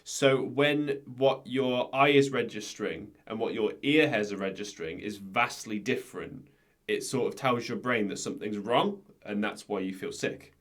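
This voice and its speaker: A man's voice: lowish voice, normal speed. Male podcast co-host, casual, explanatory. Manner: chatty, explains things step by step. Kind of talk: casual chat.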